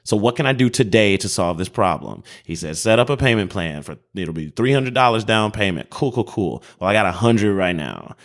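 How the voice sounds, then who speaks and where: A man's voice: on the low side, expressive, brisk, few pauses. A man co-hosting a podcast, telling a long, heated, profane story about a phone call and acting out both sides of it. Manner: profane, exasperated storytelling with acted-out quotes. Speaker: podcast co-host. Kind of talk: heated comedic rant.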